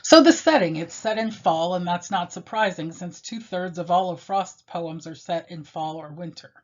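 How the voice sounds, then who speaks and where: A woman teacher giving a measured, explanatory lecture on a poem, pausing often with fillers along the way. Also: on the low side, a little mellow. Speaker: literature teacher. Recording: dull lo-fi recording.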